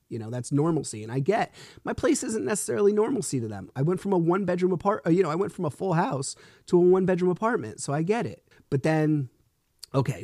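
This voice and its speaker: A man's voice: on the high side, dark tone, no room sound, clean studio sound. A man in his thirties hosting a solo podcast, telling a story in a frustrated, rambling way with swearing and restarts. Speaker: podcast host.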